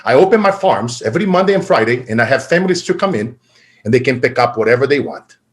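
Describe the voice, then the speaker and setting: A man giving a motivational keynote talk, energetic and swinging from loud to quiet and emotional. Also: medium pitch, quick pace. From Brazil. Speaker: keynote speaker.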